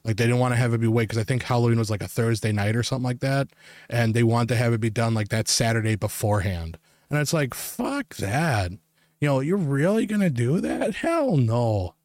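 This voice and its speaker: A man's voice: medium pitch, quick pace, a little mellow, dry recording, clean studio sound. A young man hosting a podcast, telling a long story in casual, rambling chat full of filler words. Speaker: podcast host.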